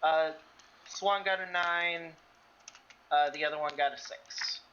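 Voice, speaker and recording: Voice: medium pitch, steady tone, slow pace, pushed and bright, dull audio. A player chatting casually at a tabletop game, wry and offhand.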